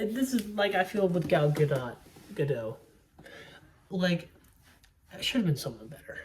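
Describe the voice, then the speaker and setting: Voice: medium pitch, a little mellow, distant mic. A young adult movie reviewer chatting casually, rambling, swearing freely and laughing often. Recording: roomy sound, away from the mic.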